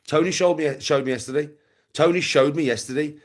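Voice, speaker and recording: A man's voice: fairly high pitch, a little fast. A man, ranting confrontationally on a livestream, swearing and repeating himself. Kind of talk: angry livestream rant.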